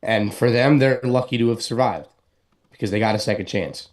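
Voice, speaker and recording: A man co-hosting a talk show, speaking earnestly and haltingly as he gives heartfelt advice. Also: lowish voice. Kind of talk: casual talk show chat.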